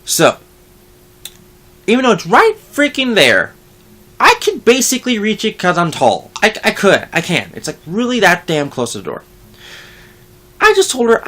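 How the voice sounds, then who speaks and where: Young adult, casual vlog rant, lively rising and falling pitch, middle pitch, heavy swearing. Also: normal speed, pauses often. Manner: animated, swears a lot, mocks others. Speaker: vlogger.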